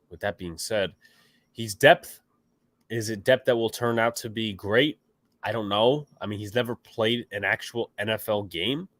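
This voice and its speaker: A man's voice: fairly low pitch, fairly bright tone, dry recording. A man hosting a casual sports podcast, opinionated and rambling, with a stuffy nose, reacting to chat comments. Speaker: podcast host.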